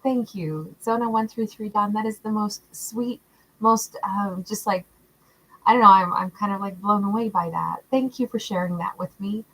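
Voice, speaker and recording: A woman hosting a livestream, greeting viewers by name in a warm, affectionate, chatty way and laughing often. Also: mid-range voice, fairly even intonation, moderate pace, poor audio. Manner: warm, affectionate, calls viewers love and honey. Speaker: tarot livestream host. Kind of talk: casual livestream chat reading out viewer comments.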